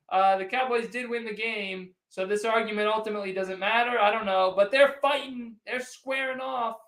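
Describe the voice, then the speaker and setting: A man's voice: sits high, steady tone, normal speed, few pauses, fairly bright tone. A man hosting a casual postgame livestream, rambling and teasing as he answers viewers' chats directly. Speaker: sports livestream host. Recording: echoey room.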